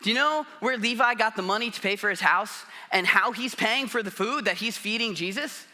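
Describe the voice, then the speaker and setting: A man's voice: high voice, fairly quick, bright, forceful tone. A man preaching a sermon in a casual, conversational way, often acting out quotes. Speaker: pastor.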